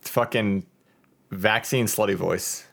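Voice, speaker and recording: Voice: deep voice, takes it slowly, vocal fry. A podcast co-host in casual chat, teasing the others and laughing easily.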